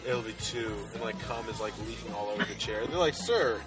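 A man's voice: fairly low pitch, steady tone, quick pace, fairly bright tone, soft background music. A young man co-hosting a crude comedy podcast, rambling with lots of fillers and laughing at his own jokes. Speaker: podcast co-host.

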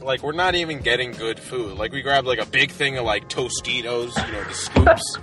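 A man's voice: mid-range voice, normal speed, few pauses. Young guy rambling, swearing a lot, says like every other word, music under it. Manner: rambling, profane storytelling with lots of "like". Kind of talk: casual chat.

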